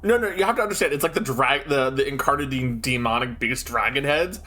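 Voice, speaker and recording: A man streaming a game, chatting in an excitable, rambling way. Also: mid-range voice, brisk. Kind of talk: casual chat while playing.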